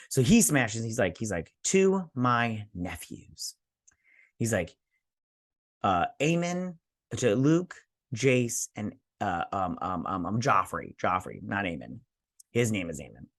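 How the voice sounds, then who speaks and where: A man's voice: on the low side, expressive, moderate pace, no room sound, studio quality. A man hosting a review show, casually recapping an episode and acting out characters' lines with lots of fillers. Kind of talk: casual recap with quoted voices.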